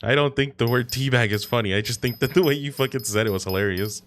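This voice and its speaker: A young man chatting on a casual livestream, swearing freely and bantering in an animated way. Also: medium pitch, quick pace, a little hiss or hum. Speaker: streamer.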